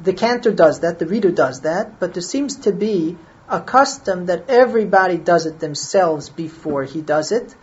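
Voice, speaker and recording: A woman with a fairly low voice lectures on Jewish law, working through the logic aloud and pausing to check that her listeners follow. The recording is dull and lo-fi. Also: lively intonation, a little mellow.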